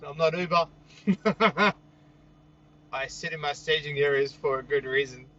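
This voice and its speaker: A man's voice: on the high side, measured pace, a bit bright, muffled recording. A young Australian man hosting a casual night-time livestream outdoors, chatting with viewers and joking easily. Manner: joking, chuckles often, easygoing. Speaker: livestream host. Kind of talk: casual live chat reading viewer comments.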